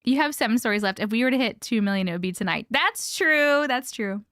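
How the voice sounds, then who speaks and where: A woman hosting a casual live stream, chatting with viewers and reading stories aloud with hushed dramatic pauses. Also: mid-range voice, no room sound, clean studio sound.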